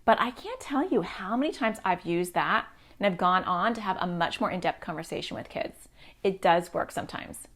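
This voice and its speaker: A woman's voice: on the low side, expressive, normal speed, fairly bright tone. A middle-aged woman, a child therapist, giving parents advice to camera in a direct, reassuring way.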